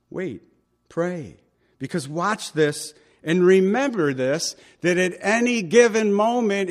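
A man preaching a sermon, talking with the congregation through questions and acting out quoted lines with big swings in pitch and loudness. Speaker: pastor.

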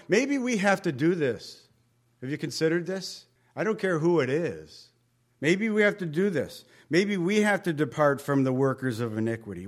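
A pastor with a slightly high voice and lively intonation preaches a conversational sermon at a normal pace. His folksy style includes joking asides and questions put to the congregation.

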